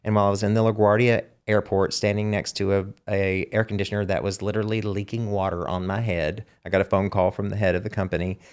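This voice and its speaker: This Southern US man is a singer-songwriter guest in a casual interview, spinning long, animated stories packed with fillers. His lowish, clean voice moves quickly with hardly any pauses.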